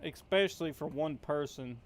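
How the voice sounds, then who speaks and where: Young guy gaming commentary, kinda high voice, rambles and panics fast, light background hiss. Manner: rambling, self-talking, quickly alarmed. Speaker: gaming channel host. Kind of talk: game commentary.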